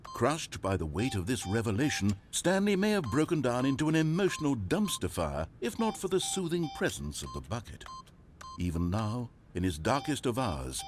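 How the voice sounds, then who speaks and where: An actor playing a dry, ironic male narrator of a video game, speaking with mock solemnity. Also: mid-range voice.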